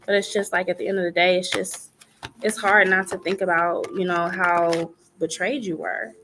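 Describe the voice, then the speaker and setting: A woman with a fairly low, fairly bright voice gives a live tarot reading at a moderate pace with fairly even intonation. Her chatty delivery is full of repeated phrases, fillers, and asides, and a little hiss or hum can be heard.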